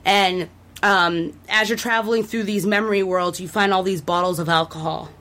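A woman's voice: mid-range voice, fairly even intonation, moderate pace, bright, forceful tone. A woman talks casually as a podcast co-host and retells a video game's story at length. She rambles enthusiastically and breaks off into fillers and restarts, with an everyday mid-range voice. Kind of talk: casual chat about a video game.

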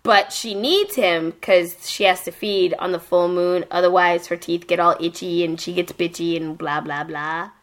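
A woman's voice: on the low side, steady tone, normal speed, hardly any pauses. A woman hosting a casual podcast, recapping an anime in a rambling, profane way full of fillers. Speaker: podcast host.

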